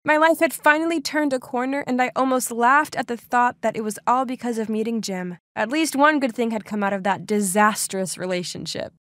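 A young woman narrating a dramatic first-person story with an expressive, animated delivery. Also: fairly high pitch, a little fast, hardly any pauses, dry recording, studio quality.

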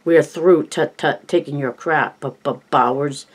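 A man reading an audiobook, voicing a brave boy who stutters heavily but speaks softly and steadily. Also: on the high side, unhurried, husky. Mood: determined. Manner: heavy stutter, soft and steady. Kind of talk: audiobook dialogue.

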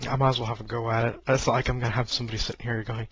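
Gravelly, husky man rambling into a close mic. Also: lowish voice, level tone, racing, few pauses, a bit bright. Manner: rambling, joking, self-deprecating. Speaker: video blogger. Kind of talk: casual rambling vlog. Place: sitting at his home computer desk. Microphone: close-up mic he keeps bumping.

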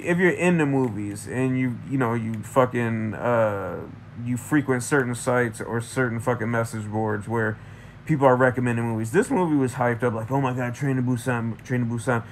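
A man's voice: medium pitch, moderate pace. Swearing guy ranting about a movie, keeps going off on tangents, bit of hiss behind him. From Michigan, USA. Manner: profane, ranting, jumps between tangents. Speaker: vlogger reviewing a movie. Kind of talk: profane rambling movie review.

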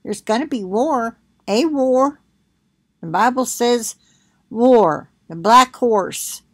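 A middle-aged woman thinking aloud at home, reading scripture between bouts of coughing and musing in a slow, unhurried way. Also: on the high side, animated, no room sound. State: coughing, choking up. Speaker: video blogger. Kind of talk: casual commentary with scripture reading.

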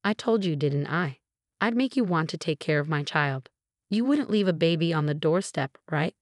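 A woman's voice: deep voice, expressive, moderate pace, dry recording, clean studio sound. A woman voicing a scheming young mother who shrugs off blame with careless, evasive replies. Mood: flippant. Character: scheming flippant young mother, a sister-in-law.

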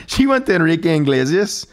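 A man, co-hosting a comedy podcast and chipping in with short, sweary remarks. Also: on the high side. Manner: quick interjections, sweary. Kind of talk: casual banter.

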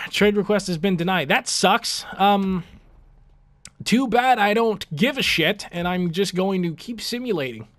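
A man's voice: high-pitched, a bit bright, dry recording. A young man commentating his video game play, frustrated and profane, ranting about his team. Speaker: gaming commentator.

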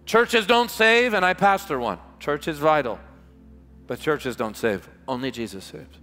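A man preaching a revival sermon as pastor, impassioned and emphatic, stretching key words slowly for weight, recorded live in a large church. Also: medium pitch, sing-song, fairly bright tone, faint music behind. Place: large church hall with music behind. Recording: live church hall reverb.

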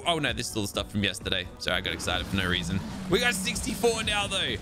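A young man giving excitable let's-play commentary as he plays a survival game, chatting to his tamed creatures and breaking into exasperated outbursts. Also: lowish voice, fast. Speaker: gaming video host. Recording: game music playing behind.

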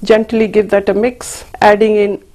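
A woman's voice: medium pitch, little pitch movement, moderate pace, mellow. A woman hosting a cooking demonstration, chatting to viewers as she works. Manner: chatty, addresses viewers as folks. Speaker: cooking show host.

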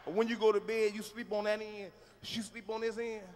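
A man doing a loud, profane stand-up routine on stage, telling stories with shouts and acted-out moans. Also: high voice, level tone, fairly quick. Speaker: stand-up comedian. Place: large live venue on stage.

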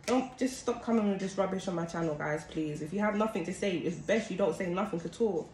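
Speaking briskly in a fairly low voice, a tarot card reader chats her way through a casual reading, often calling out to her viewers as "guys." Steady background noise fills an echoey room.

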